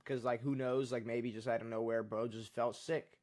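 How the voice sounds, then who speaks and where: A man's voice: mid-range voice, level tone, normal speed, a little mellow. A man co-hosting a podcast in casual chat, rambling with many fillers and restarts. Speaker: podcast co-host.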